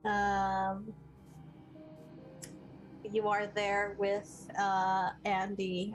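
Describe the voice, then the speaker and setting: A woman narrating as dungeon master in a tabletop game, hesitant with many pauses. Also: mid-range voice, completely flat delivery, faint music behind, low-quality recording.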